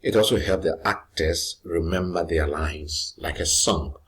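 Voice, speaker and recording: A man teaching a lesson, explaining slowly and patiently, repeating points and restarting phrases. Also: sits low, fairly bright tone, slightly rough. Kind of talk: recorded lesson.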